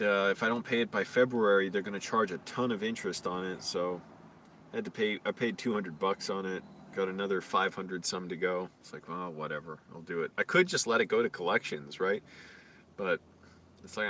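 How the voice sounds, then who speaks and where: A man's voice: deep voice, normal speed, fairly bright tone, slight background noise. A man talking to his own camera outdoors in a casual, rambling vlog, crude and complaining. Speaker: vlogger. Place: outdoors on the street.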